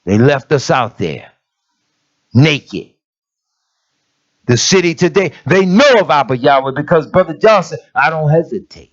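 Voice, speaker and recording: A man's voice: a little high, animated, a little slow, long pauses. A middle-aged man preaching a conversational sermon as an elder, emphatic and plain-spoken, calling out to his listeners. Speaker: elder of an assembly. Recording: dull lo-fi sermon recording.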